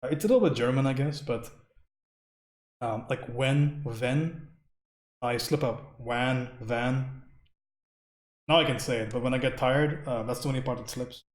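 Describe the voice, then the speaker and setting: A man's voice: mid-range voice, a little fast, roomy sound. A man from India chatting casually with his stream viewers while painting. He rambles, laughs often and answers questions from chat.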